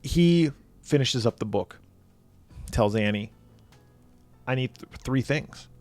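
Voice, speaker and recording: A man's voice: medium pitch, expressive, darkish tone, dry recording. A man in casual podcast chat, recapping movie scenes and dropping into brief quoted voices, swearing freely. His voice sits mid-range, recorded close and dry. Faint music plays underneath. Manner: profane, retells scenes with quick quoted voices. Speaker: podcast co-host. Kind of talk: casual film review chat.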